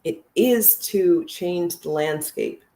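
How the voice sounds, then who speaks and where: A woman's voice: on the low side, slow pace, mellow. A woman giving blunt, sarcastic, profane political commentary on a casual livestream.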